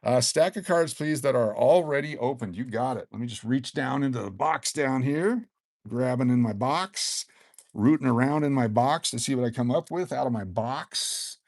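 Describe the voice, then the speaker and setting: A man in his sixties hosting a casual live stream, excitedly reading out collectible cards and rambling into stories. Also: mid-range voice, normal speed, dry recording, studio quality. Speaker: livestream host giving away collectible cards.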